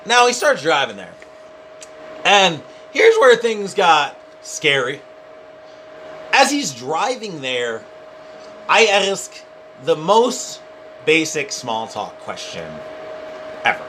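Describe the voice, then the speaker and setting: A young man telling a funny personal story to camera in a rambling, animated way, full of "like". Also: on the high side, slow pace, long pauses, a little hiss or hum. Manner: rambling, animated, heavy use of "like". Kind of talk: casual comedic storytime.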